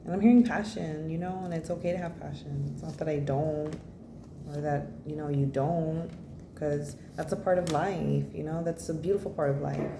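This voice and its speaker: A woman's voice: low voice, steady tone, moderate pace, gravelly. A woman giving a casual spoken tarot reading, blunt and rambling, swearing freely and filling her talk with "you know" and "like.". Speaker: tarot reader. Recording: echoey room with faint noise.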